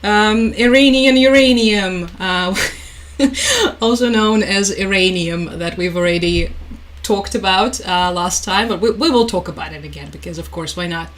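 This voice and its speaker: A woman's voice: mid-range voice, unhurried, poor audio. A young woman hosting a casual live stream, chatting, laughing often and reading out viewer comments. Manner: chatty, laughs often, reads chat aloud.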